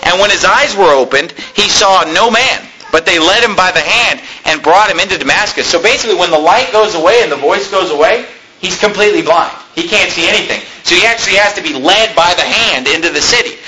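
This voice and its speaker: Male pastor, sermon delivery, high-pitched and bright, scripture readings woven into plain explanations. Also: lively intonation, a little fast, poor audio.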